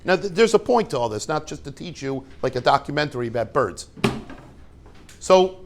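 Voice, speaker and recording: Man, rabbi, informal lesson, joking, asks the class questions, somewhat high voice. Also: big pitch swings, normal speed, background noise. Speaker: rabbi teaching students.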